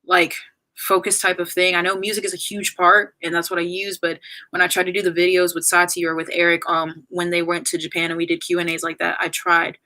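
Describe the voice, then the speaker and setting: A woman's voice: fairly low pitch, little pitch movement, brisk, bright, forceful tone, rough recording. A young woman chatting casually to viewers on a livestream. She rambles with many fillers and restarts, calls them y'all, and fights back tears. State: tearful, crying at times. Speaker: YouTuber ending her channel on a livestream. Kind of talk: casual livestream chat, reading viewer comments.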